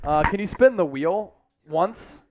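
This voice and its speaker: A man's voice: high voice, unhurried. A young man hosting a live sports stream, casually chatting and reading viewer comments aloud with energy. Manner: energetic, reads chat aloud. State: exerting, counting push-ups.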